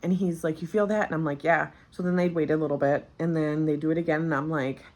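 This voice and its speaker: A woman's voice: sits low, little pitch movement, fast. A woman in her thirties telling a personal story as a vlogger, candid and chatty, with many fillers, recently postpartum. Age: 30s. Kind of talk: casual storytelling.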